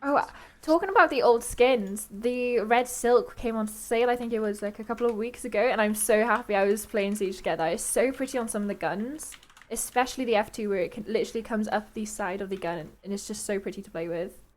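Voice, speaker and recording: A woman's voice: medium pitch, a little fast. A young woman casting esports, making casual chat between games with frequent giggles. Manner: chatty, giggly, trailing off. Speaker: esports caster.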